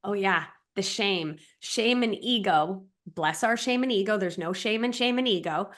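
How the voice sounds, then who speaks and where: Brief: female relationship coach, podcast talk, reflective, medium pitch, lays things out step by step. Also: moderate pace. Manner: reflective, explains with examples and checklists.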